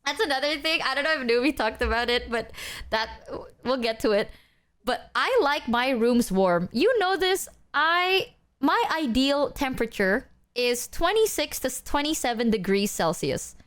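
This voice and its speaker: Streaming to her viewers, a young woman chats casually in a high voice at normal speed. She rants animatedly and swears freely.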